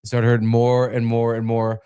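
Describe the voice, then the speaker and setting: A young man co-hosting a podcast, telling a story in an animated way and swearing freely. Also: mid-range voice, normal speed, clean tone. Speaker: podcast co-host. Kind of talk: casual chat.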